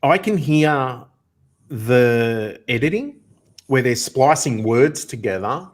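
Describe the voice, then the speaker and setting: A man hosts a casual chat show, with a voice of middling pitch. He rambles in animated bursts while asking his guest about her work. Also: slow. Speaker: host.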